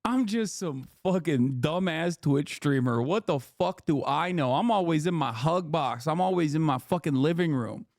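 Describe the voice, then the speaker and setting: A man's voice: on the high side, animated, normal speed, hardly any pauses, a little mellow, no echo, studio quality. Profane, exasperated male streamer ranting. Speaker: Twitch streamer. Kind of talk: political commentary livestream. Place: living room.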